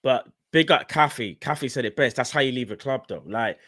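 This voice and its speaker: A man's voice: medium pitch, moderate pace, pushed and bright, no room sound, studio quality. A man hosting a live fan stream, talking casually and in slang straight to his chat. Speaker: fan channel host.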